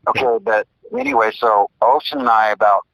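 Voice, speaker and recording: Male co-host, excitable and chatty, with a bright, forceful voice and dry sound. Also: lowish voice, fairly quick, no room sound, lo-fi sound. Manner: excitable, jumps in with tangents. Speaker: podcast co-host. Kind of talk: casual chat.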